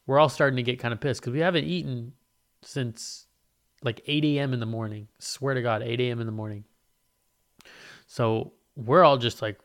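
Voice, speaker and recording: A young man telling a casual storytime rant, profane and sarcastic, acting out the people in it. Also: mid-range voice.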